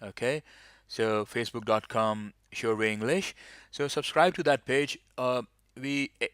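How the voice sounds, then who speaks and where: A man tutors students for a speaking test in a smooth, resonant voice. He explains step by step and keeps dropping in "you know" as he goes. The sound is dry and close, with no room around it. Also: medium pitch, steady tone, unhurried, a bit bright, no room sound. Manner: explains patiently with many "you know" fillers. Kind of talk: online lesson.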